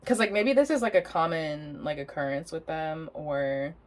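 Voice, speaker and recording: A woman's voice: low-pitched, normal speed. A young adult woman giving a casual tarot reading, rambling and chatty, laughing often and swearing freely. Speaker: tarot reader.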